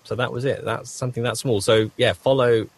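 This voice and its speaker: A British voice actor, speaking at a medium pitch with fairly even intonation and a fairly quick pace, answers interview questions from his home recording booth. He rambles and corrects himself, coughing often, with slight background noise behind him.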